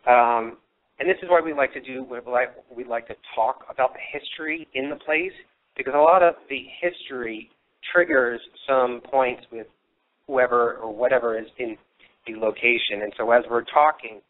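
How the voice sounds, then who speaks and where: A man's voice: medium pitch, moderate pace. A man hosting a live paranormal investigation broadcast, telling local history in a rambling way with many fillers, his voice a little worn. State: losing his voice. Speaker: paranormal radio show host. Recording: tinny phone-line sound.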